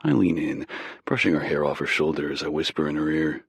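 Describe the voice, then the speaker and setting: A man narrating a romance audiobook in the first person, with a slow, intimate, low-key delivery. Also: vocal fry, breathy edge, no echo.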